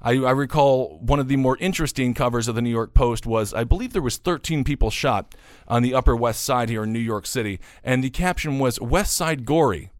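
A man's voice: medium pitch, brisk, no room sound. Man, political commentary host, sarcastic and opinionated, dry room. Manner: sarcastic, opinionated, many fillers. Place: New York.

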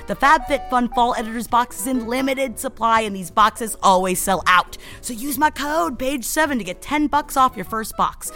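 A woman's voice: high-pitched, bright, forceful tone. A woman co-hosting a podcast, reading an ad and chatting in a playful, jokey way. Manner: playful, jokey, quick to laugh. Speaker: podcast co-host. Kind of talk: casual chat and read ad.

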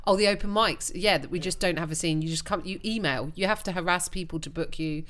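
A woman from England, a comedian guest, chatting casually on a podcast with quick asides and frequent laughter. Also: fairly low pitch, fairly bright tone.

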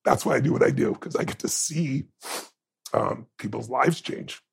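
Male interview guest with a deeply gravelly, husky voice, passionate, emotional storytelling. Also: moderate pace. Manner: emotional, impassioned, emphatic. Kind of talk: heartfelt conversational storytelling.

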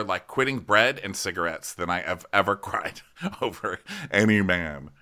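A man co-hosting a podcast, chatting casually and animatedly about a reality show, swearing freely. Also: normal speed. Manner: animated, slips into exaggerated high voices when quoting people; swears freely, laughs along. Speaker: podcast co-host. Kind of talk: casual recap chat.

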